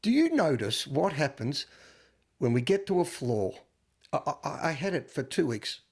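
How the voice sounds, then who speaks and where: An Australian man co-hosting a podcast, telling animated anecdotes in casual chat with frequent stammered restarts. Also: on the high side, moderate pace, slightly rough. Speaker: podcast co-host.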